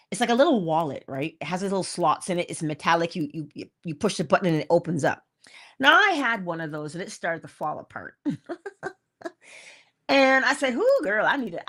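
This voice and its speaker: A woman with a lowish, fairly bright voice hosts an uplifting morning talk. Keeping things casual but emphatic, she repeats her key lines and laughs between points.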